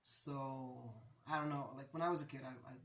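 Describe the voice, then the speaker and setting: A man's voice: mid-range voice, steady tone, moderate pace, echoey room, background noise. A young man from Jerusalem with an Israeli accent, a native Hebrew speaker, giving a casual language lesson in a chatty, anecdotal way. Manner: chatty, anecdotal, laughs at own stories. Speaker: language teacher.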